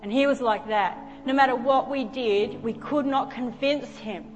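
A woman's voice: fairly high pitch, normal speed, highs cut off. A woman preacher delivering a sermon in a church, telling a personal story in an earnest, emotional way. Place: church sanctuary. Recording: long hall reverb with faint music.

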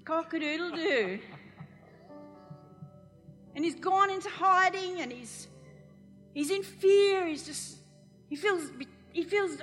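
A woman pastor delivers a sermon in a high, bright voice, throwing herself into the quoted lines. Her voice rings through a hall with a long echo. Soft music plays underneath. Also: measured pace. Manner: animated storytelling, acting out quotes loudly.

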